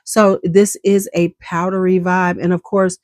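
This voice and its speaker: A woman's voice: lowish voice, flat delivery, a little slow, a little mellow, dry recording, clean studio sound. A woman giving a casual, enthusiastic perfume review, chatty and full of slang, coughing now and then. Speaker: beauty vlogger.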